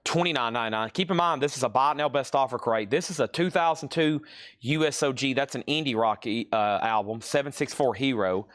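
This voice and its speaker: A man hosting a live record sale, briskly calling out items and prices and repeating buyers' names. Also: mid-range voice, a bit bright, no echo, studio quality. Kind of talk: live-stream sales patter.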